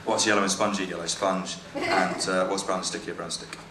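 A man doing live stand-up comedy, reading out jokes in a wry, halting way with lots of fillers and self-corrections. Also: low-pitched, level tone, heavy background noise. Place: comedy venue with a live audience. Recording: echoey venue with loud crowd. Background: audience laughter and cheering.

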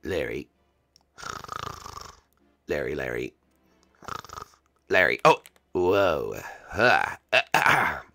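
A man's voice: rumbling low, sing-song, extremely slow, gravelly, long pauses, sharp tone, faint music behind, full character voice. A man voicing a timid, lonely male roommate who stammers and panics in a Minecraft role-play. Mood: nervous. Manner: stammering, nervous, fretful. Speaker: regular character in a series.

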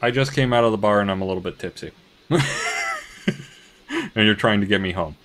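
A man's voice: lowish voice, a little fast, a bit bright, natural voice. A man playing a tipsy barfly. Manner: loose, rambling. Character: tipsy man pretending to be drunk.

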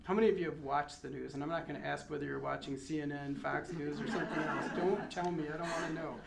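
A man's voice: fairly high pitch, steady tone, quick pace, creaky. A man from Michigan giving a memorial sermon and prayer as pastor, earnest and conversational, with friendly asides. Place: chapel. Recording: echoey chapel with faint noise.

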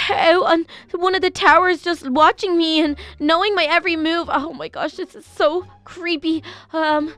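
A woman's voice: sits high, fairly bright tone, dry recording. A woman hosting a Minecraft roleplay, talking to herself in anxious, rambling bursts full of fillers and restarts. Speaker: channel host playing her own character. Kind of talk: Minecraft roleplay narration and voice acting.

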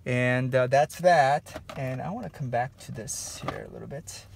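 A little hiss or hum sits under a man's gravelly, mid-range voice at normal speed. Working from his home studio, he teaches painting step by step in a chatty, easygoing way, using many fillers and encouraging again and again.

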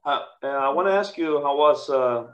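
A man's voice: on the high side, moderate pace, a bit bright, dull audio. A male interviewer asking questions hesitantly, repeating his words. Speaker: interviewer, host.

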